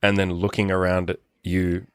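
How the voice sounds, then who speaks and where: Guy, low voice, frank coachy podcast chat, swears a bit, dry close sound. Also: completely flat delivery, moderate pace, clean tone, no echo. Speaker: podcast host and life coach.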